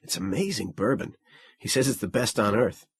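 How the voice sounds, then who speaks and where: A man reading a weary, wry traveler just off a starship in an audiobook, in a quiet, tired, dryly joking voice. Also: lowish voice, expressive, moderate pace, breathy edge, heavily acted.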